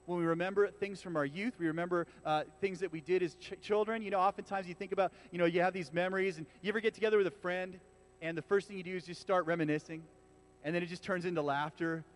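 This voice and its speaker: A man with a high-pitched voice delivers a sermon in a relaxed, conversational way. He talks to the congregation like friends, with lively asides and frequent restarts. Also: fast talker. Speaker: pastor. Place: church.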